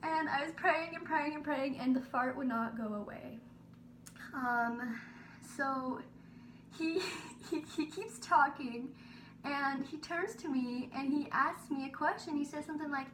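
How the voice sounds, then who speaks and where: High-voiced young woman telling a story. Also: measured pace. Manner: animated, breathless storytelling with many "like" fillers. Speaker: vlogger. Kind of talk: storytelling vlog. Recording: roomy, a little distant from the mic, faint hiss.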